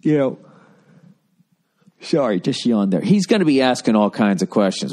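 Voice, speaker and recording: A man's voice: medium pitch, very animated, moderate pace, pauses often, warm tone. A man hosting a podcast who delivers a comedic monologue rant in a profane, rambling, sarcastic way. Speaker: podcast host.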